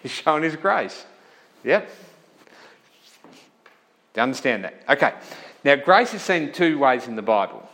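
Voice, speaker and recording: Male pastor, mid-pitched, preaching casually, keeps asking if listeners follow and self-corrects on the fly. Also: big pitch swings, unhurried, long pauses, a bit bright, poor audio. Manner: checks in with listeners often; self-correcting, thinking aloud. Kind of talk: conversational sermon.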